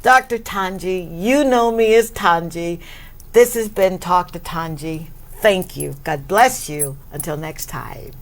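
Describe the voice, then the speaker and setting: Woman talk show host; slow, effusive delivery, frequent laughter, big emotional thank-yous. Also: fairly low pitch. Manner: emotional, laughs often, animated shout-outs. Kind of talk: warm effusive interview talk.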